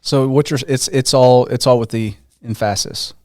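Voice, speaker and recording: A podcast host asks long, casual interview questions packed with fillers and restarts. His mid-range voice has fairly even intonation, a moderate pace and a darkish tone, recorded dry with studio quality.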